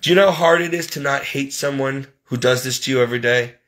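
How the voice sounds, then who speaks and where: A man's voice: medium pitch, quick pace, a bit bright. A man who works as a caregiver, venting emotionally about his situation in a heated, aggrieved, religious way. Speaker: professional caregiver. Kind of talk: emotional personal vent.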